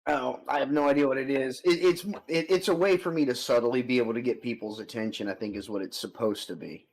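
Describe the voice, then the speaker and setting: A man's voice: medium pitch, quick pace, gravelly, a little mellow, poor audio. A man acting as game master for an online tabletop game, talking in an easygoing, chatty way and laughing often.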